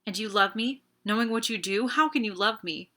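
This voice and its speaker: A woman's voice: fairly high pitch, steady tone, unhurried, sharp tone, voice pushed up. A woman voicing an impulsive, anguished young woman in an audiobook, pleading and close to tears. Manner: emotional, pleading, near tears.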